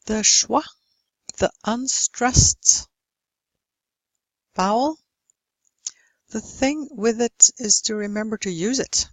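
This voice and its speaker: Norwegian woman, English pronunciation teacher, slow and careful delivery, dry close mic. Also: a little high, dry recording. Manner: slow, careful, demonstrating word lists. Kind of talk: recorded phonetics lesson.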